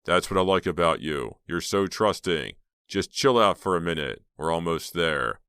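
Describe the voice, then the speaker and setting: Guy doing a slow, quiet mystery boy, low deep voice, dry sound. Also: animated, clear, resonant tone, no echo. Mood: secretive. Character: mysterious teenage boy, calm and secretive.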